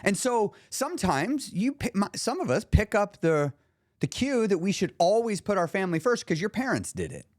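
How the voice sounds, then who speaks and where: Lively high-voiced male podcast coach. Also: normal speed, no room sound, clean studio sound. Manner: conversational storyteller, occasional swearing. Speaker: podcast host and weight-loss coach. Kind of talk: casual motivational talk.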